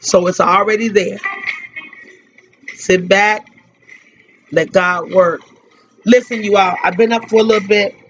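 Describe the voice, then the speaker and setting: Grieving slow-spoken woman on radio. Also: medium pitch, fairly even intonation, a little hiss or hum. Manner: grieving, halting, repeats phrases. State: tearful. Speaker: radio host giving a tribute. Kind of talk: emotional spoken tribute. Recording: dull lo-fi radio recording.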